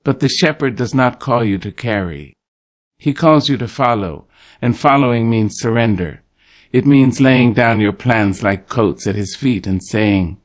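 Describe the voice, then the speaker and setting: A man with a fairly low voice delivers a morning prayer reading in a poetic, preacher-like rhythm. He leans into slow, weighty pauses and speaks to the listener with fatherly tenderness. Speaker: devotional speaker.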